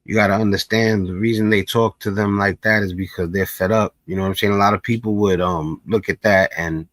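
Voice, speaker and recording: Man, low voice, dry close sound, laid-back reaction commentary, lots of fillers. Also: steady tone, fairly quick, a bit bright, no echo. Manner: laid-back, conversational, lots of "you know". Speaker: commentary host.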